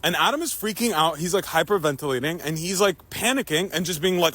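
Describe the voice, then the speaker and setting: Young man, high-pitched, animated storyteller, swears and laughs easily. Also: fast, no echo. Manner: animated, swears freely, laughs through the telling. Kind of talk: casual storytime.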